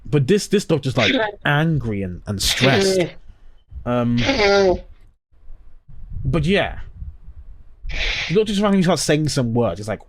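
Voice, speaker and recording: A man's voice: a little high, sing-song, slow, pauses often. A man co-hosting a casual podcast chat, animatedly retelling scenes, acting out lines in voices and swearing freely. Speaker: podcast co-host.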